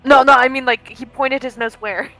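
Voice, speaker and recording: A woman's voice: sits high, steady tone, moderate pace, sharp tone, faint music behind, poor audio. A woman playing a tabletop game, blunt and impatient in her turns. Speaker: player. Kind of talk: casual tabletop play.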